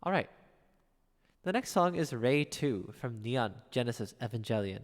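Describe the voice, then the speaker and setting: A man streaming piano requests, chatting casually and wryly with his chat in a soft, drifting way. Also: lively intonation, moderate pace, big-room sound. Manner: chatty, wry, drifts soft and low between songs.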